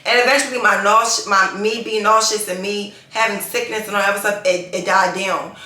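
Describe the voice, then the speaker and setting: A woman vlogger telling her story in a chatty, animated way, with slangy asides. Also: mid-range voice, fairly quick. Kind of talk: casual storytelling vlog. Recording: echoey room.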